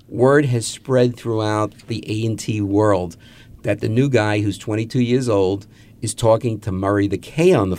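Speaking in a darkish, medium-pitched voice, a seventy-something magazine publisher from Queens, New York shares anecdotes with a wry edge on the radio. He performs the quoted lines as he goes.

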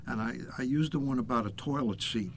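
A man's voice: mid-range voice, brisk, slight background noise. An older man hosting a talk show, chatting casually and repeating words as he thinks. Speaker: host.

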